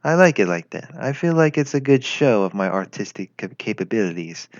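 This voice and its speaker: A man's voice: fairly low pitch, very animated, fairly quick, dry recording. A man voicing a young female Soviet tank girl with a Russian accent, teasing, creepy and doting. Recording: lo-fi with faint music.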